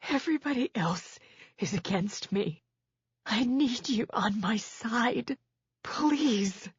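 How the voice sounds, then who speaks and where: A woman's voice: on the high side, big pitch swings, moderate pace, slightly rough, no echo, dull audio, voice pushed up. A woman voicing a desperate wife who refuses to give in, speaking in a strained, raised voice. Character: desperate wife standing firm on principle.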